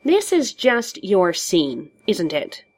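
A woman's voice: medium pitch, huge pitch swings, slow pace, heavily acted. A woman voicing a sly, theatrical male villain with a drawling, sardonic manner.

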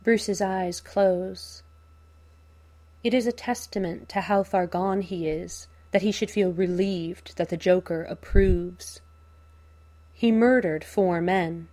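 Slow, low-voiced woman reading a story. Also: warm tone. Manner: measured, unhurried storytelling. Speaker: narrator. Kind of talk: audiobook reading of fan fiction.

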